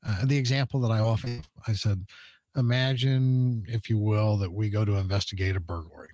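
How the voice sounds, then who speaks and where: A man's voice: on the low side, fairly even intonation, fairly quick, a little mellow, no room sound. A middle-aged man, a police public information officer, explaining a case earnestly as a radio interview guest, with many "uh" fillers.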